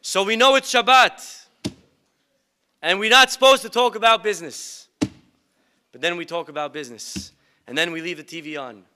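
A man's voice: high voice, moderate pace, long pauses, sharp tone, clear, resonant tone. A male rabbi giving a humorous sermon with stories and rhetorical questions to his congregation. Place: synagogue event.

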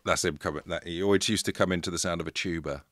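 A man's voice: low voice, quick pace, no echo, clean studio sound. A man co-hosting a podcast, telling a story in a playful, jokey way. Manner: playful, jokey, lively retelling. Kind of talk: casual comedic storytelling chat.

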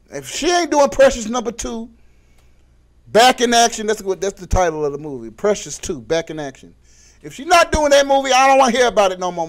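An exasperated man rants for comedy. His voice sits high and jumps all over, from muttered asides to sudden yelled demands to be quiet. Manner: exasperated, repeatedly yelling for someone to shut up. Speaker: comedy vlogger. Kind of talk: comedic rant.

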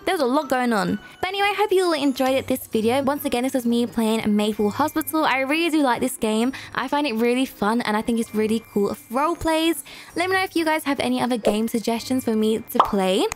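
A young woman giving playful, excitable commentary while playing a hospital role-play game, chatting and exclaiming often. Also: high voice, fast, faint music behind. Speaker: gaming YouTuber.

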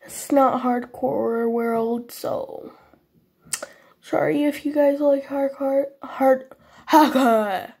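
A woman's voice: sits high, flat delivery, slow, creaky, a little mellow, breathy edge. A woman giving casual, apologetic commentary on her Minecraft game for viewers. She is sniffly after a cold and speaks in a vague put-on foreign accent. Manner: chatty, apologetic, talks to viewers while playing. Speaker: gaming channel host.

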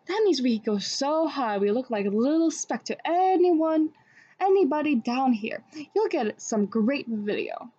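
A woman reading a storybook, voicing a calm, kind adult male instructor who speaks gently and reassuringly. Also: high voice, measured pace. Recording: dull lo-fi recording.

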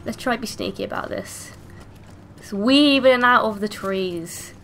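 Young girl playing a war game, hyper and sweary, coughing, bright voice, talks slow. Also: medium pitch, a little hiss or hum. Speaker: gaming channel host. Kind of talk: let's play commentary.

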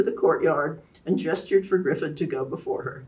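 A woman author introducing and reading aloud from her own novel in a clear, animated way. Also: low voice, moderate pace, far from the mic.

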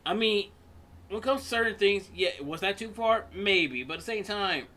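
A man's voice: sits high, very animated, brisk, sharp tone. A man hosting a reaction video, commenting casually with swearing and laughter.

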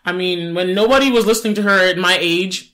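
A woman in her late twenties co-hosts a podcast in casual chat. She talks in an animated, playful way, dropping asides and laughing often. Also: lowish voice, brisk. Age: 20s. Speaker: podcast co-host.

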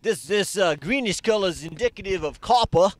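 A man's voice: high voice, expressive, a little fast, dry recording. A man giving jokey running commentary on a science demonstration outdoors at night, with rambling, punning, chuckling asides. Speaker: demonstrator in a science gag video.

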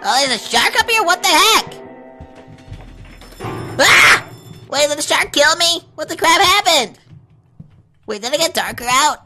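A young woman hosts a let's play, commenting as she explores and shrieking whenever something startles her, which happens easily. Her voice sits high and sounds bright, animated, and forceful, though she speaks unhurriedly with frequent pauses. The recording is low quality, with faint game music playing behind her.

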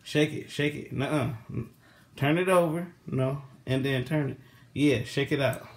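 In a home kitchen, a man with a mid-range voice talks viewers through a cooking session at a measured pace, with a little background noise. He's a vlogger teaching kids to cook, coaxing and patiently calling out each step in casual instruction.

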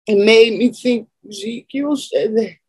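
A woman preacher shares an emotional spiritual testimony, moaning and sighing between phrases and pausing to collect herself. Her voice is on the high side, darkish and husky, and the recording is rough.

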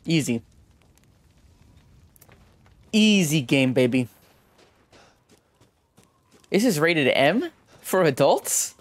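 A young man streaming a horror video game, reacting with excitable, profane trash-talk into a desk mic at home. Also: fairly high pitch, very slow, long pauses. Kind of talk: let's play commentary.

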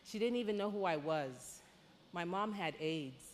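Lively woman testifying in a big hall. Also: on the low side, moderate pace, slight background noise. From Panama. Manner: lively, conversational, with sudden excited outbursts. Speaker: conference speaker. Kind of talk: testimony talk. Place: large church hall. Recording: hall reverb.

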